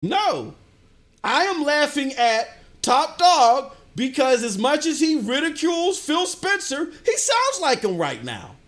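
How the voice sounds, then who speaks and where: A middle-aged man streaming games, ranting and answering his chat in an animated way. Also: very high-pitched, slow pace. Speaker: gaming streamer. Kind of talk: livestream commentary, answering chat.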